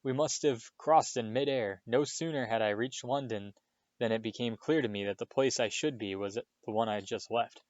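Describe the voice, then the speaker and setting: A man's voice: medium pitch, no echo, lo-fi sound, natural voice. A man voicing a kindly old wizard headmaster. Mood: calm. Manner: gentle, measured and wry.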